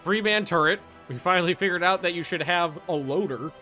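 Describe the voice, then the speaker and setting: Chatty guy thinking out loud thru his strategy game, brightish higher voice, quiet music behind. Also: brisk. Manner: chatty, thinking aloud, easily excited. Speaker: video game streamer. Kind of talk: casual let's-play commentary.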